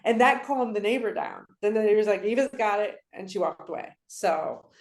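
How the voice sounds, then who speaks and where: A woman in her forties, a podcast guest, telling stories in a lively casual way and acting out the voices of the people in them. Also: mid-range voice, moderate pace. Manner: lively storyteller who acts out quoted voices. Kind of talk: casual conversational interview. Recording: roomy echo on the voice.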